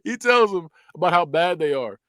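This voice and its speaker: A man's voice: sits high, animated, normal speed, fairly bright tone, dry recording. A man hosting a podcast, casually reviewing a movie and retelling scenes with plenty of laughs and slang. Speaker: podcast host.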